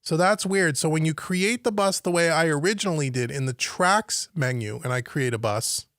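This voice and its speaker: His voice on the high side and fairly bright, a man speaks at normal speed while live-streaming a recording software walkthrough from his home studio. He thinks aloud and puzzles over the screen, sounding clean and echo-free.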